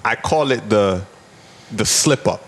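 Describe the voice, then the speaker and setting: This American restaurant owner, appearing as a podcast guest, has a lowish voice with lively intonation and a slow pace. He recounts his own story earnestly, often repeating words along the way.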